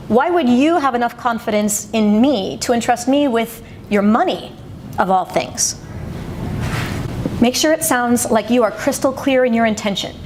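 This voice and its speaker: A woman coaches her listeners in a clear, demonstrative way, her voice sitting fairly high. A steady noise runs under the recording. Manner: clear, demonstrative teaching delivery. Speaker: communication coach. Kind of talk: instructional talk.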